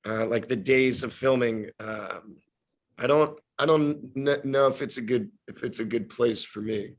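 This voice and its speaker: A man in his thirties, a guest actor on a casual podcast, talking reflectively with many restarts and hedges. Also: medium pitch.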